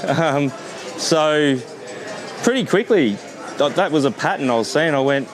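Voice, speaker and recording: A man's voice: fairly high pitch, animated, unhurried, over music. Laid-back Australian man telling a story. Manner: laid-back, swears casually, lots of fillers. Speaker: tour company founder. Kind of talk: casual storytelling. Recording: busy crowd noise behind.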